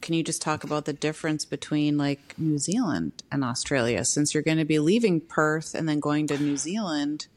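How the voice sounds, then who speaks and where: A woman's voice: low-pitched, a little mellow, slight background noise. Woman asking questions, chatty co-host. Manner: reads out questions, quick backchannels. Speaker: podcast co-host. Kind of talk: casual chat.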